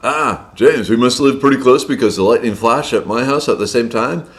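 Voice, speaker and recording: A man hosting a casual live stream from indoors at home, chatting and greeting viewers by name, his voice slightly hoarse. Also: medium pitch, normal speed, fairly bright tone. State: slightly hoarse from a long day of loud speaking.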